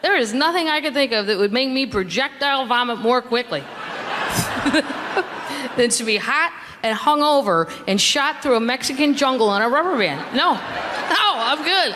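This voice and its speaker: A middle-aged woman comedian spins stand-up stories in a wry, incredulous, mock-indignant way, her voice pitched a little high. She is recorded live on a club stage, the sound carrying a long reverb with steady noise beneath it. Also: moderate pace.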